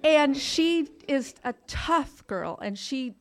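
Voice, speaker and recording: Her voice is high, animated and slow as she candidly shares how she recovered, poking fun at herself, cursing casually and laughing even at the painful parts.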